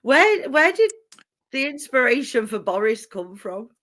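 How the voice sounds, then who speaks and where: A woman's voice: high voice, sing-song, measured pace, fairly bright tone. A woman hosting a podcast interview, chatty and enthusiastic, laughing easily. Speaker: podcast host. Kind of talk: casual interview chat.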